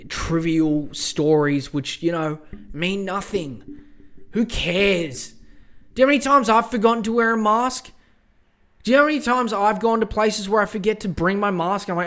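Male podcast host, slightly high voice, rambling, swearing, exasperated rant. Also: a bit bright. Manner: profane, exasperated, rambling with many fillers. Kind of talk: casual rant.

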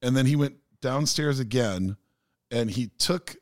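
A man hosting a casual podcast chat, telling a story in an animated way and acting out the people in it. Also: medium pitch, unhurried, dry recording, clean studio sound. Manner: animated storyteller who acts out quoted people. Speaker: podcast host.

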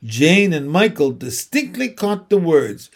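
A man reading a children's storybook aloud in an unhurried, expressive way. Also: fairly high pitch, creaky. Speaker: audiobook narrator.

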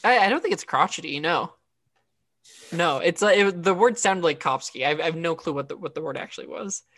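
Her voice is lowish and a bit bright, with lively intonation and a slightly quick pace. As a podcast co-host, she recaps an episode in casual chat, restarting often and leaning on fillers.

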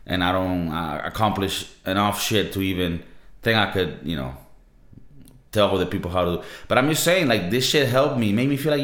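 A man's voice: low voice, normal speed, a bit bright. A young man with a Latin American Spanish accent hosting a podcast, talking in a casual, profane, slangy monologue. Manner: laid-back, profane, slangy. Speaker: podcast host. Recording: roomy echo.

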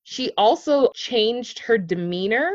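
A man co-hosting a podcast in casual conversation, chatty and quick to laugh, swearing casually. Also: extremely high pitch, expressive, no echo. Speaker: podcast co-host. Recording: dull, slightly lo-fi, dry.

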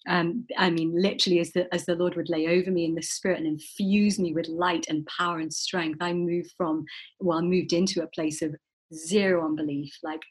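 A woman's voice: fairly low pitch, fairly even intonation, brisk, slightly rough. A woman hosting a talk show, effusive and gushing as she introduces her guest and asks about her book. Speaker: show host.

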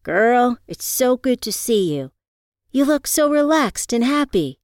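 A woman's voice: fairly high pitch, big pitch swings, a little slow, no room sound, clean studio sound, pitched above the performer's own voice. A woman reading the lines of a confident, glamorous best friend in an audiobook, in an upbeat, affectionate way. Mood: delighted.

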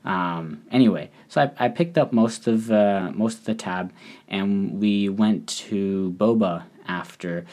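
A man hosting a casual solo podcast, a little hoarse from a recent cold, rambling with many fillers and restarts. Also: fairly low pitch, takes it slowly, darkish tone. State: recovering from a cold, slightly hoarse. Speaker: podcast host. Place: living in Japan.

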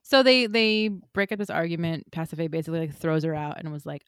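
A woman's voice: low-pitched, fairly even intonation, fairly quick, clean tone, dry recording, clean studio sound. A woman hosting a casual book-club podcast, summarizing a chapter in a chatty way with many fillers and restarts.

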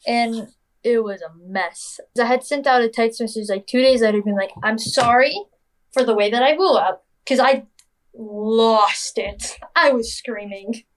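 A woman's voice: fairly high pitch, unhurried. A young woman telling a personal story in a casual, chatty way, full of "like" and "literally", acting out what people said. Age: young adult. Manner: acts out quoted dialogue.

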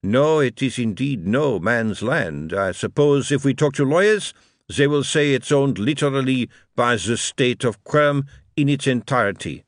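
A man doing a courteous, faintly condescending marquis in an audiobook, a bit higher than his own voice and very lively in pitch. The delivery is dry and close-miked. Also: unhurried, no room sound, natural voice. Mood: formal. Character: aristocratic Quirmian marquis, polite, dry.

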